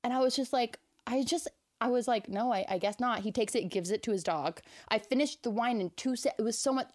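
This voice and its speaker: Chatty woman podcast host telling a story. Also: a little high. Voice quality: fast, chatty, packed with "like" fillers. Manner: animated, incredulous, laughs often. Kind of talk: casual storytelling chat.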